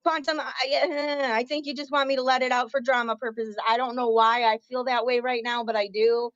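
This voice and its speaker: A woman's voice: fairly high pitch, level tone, fairly quick, a bit bright, no echo, dull audio. A woman ranting angrily and profanely on her livestream, confronting her viewers head-on. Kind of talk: angry livestream rant.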